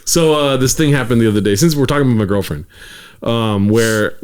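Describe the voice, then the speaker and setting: A man's voice: medium pitch, brisk, smooth. A young man co-hosting a podcast in casual chat, joking, laughing often and putting on voices. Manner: animated, jokey, laughs often, puts on voices. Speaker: podcast co-host.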